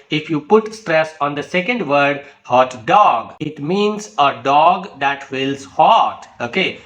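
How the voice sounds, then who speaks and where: A man's voice: a little high, a bit bright, poor audio. A man teaching an English pronunciation lesson, explaining step by step, spelling out syllables and checking in with "okay". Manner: tag questions and fillers like okay and you know. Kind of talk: spoken lesson.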